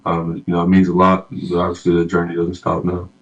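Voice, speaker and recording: A young man answers interview questions in a very low, flat voice, softly and with many fillers. The recording sounds dull and lo-fi. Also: a little fast. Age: young adult. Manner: soft-spoken, many fillers. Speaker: rookie athlete interviewee.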